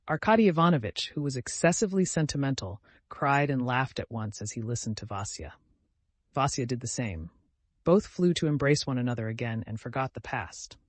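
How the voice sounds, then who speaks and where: A man narrating a classic story for an audiobook, in a measured way. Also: medium pitch, lively intonation, no echo. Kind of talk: scripted narration.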